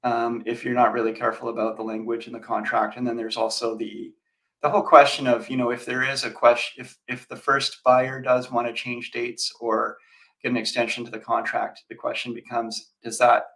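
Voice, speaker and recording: Male real estate co-host, mid-pitched, conversational and rambling. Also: level tone, brisk, a bit bright, poor audio. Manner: conversational, rambling with fillers and restarts. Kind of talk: casual chat.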